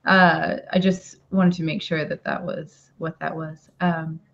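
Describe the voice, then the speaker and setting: A woman's voice: low-pitched, flat delivery, a little slow, gravelly, highs cut off, a little hiss or hum. A woman player chatting casually at a tabletop game, thinking aloud with plenty of fillers, over a video call.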